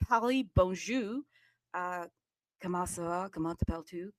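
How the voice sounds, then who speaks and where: A woman's voice: fairly low pitch, normal speed, no room sound, clean studio sound. A woman hosting a live online audio room in a sassy, playful, bubbly way, hyping up the show.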